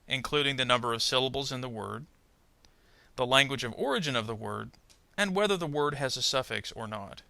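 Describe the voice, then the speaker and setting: A man teaching English pronunciation, speaking slowly and deliberately and saying each example word twice. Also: mid-range voice, creaky, sharp tone, no echo. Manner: slow, deliberate, models example words twice. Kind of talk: instructional narration.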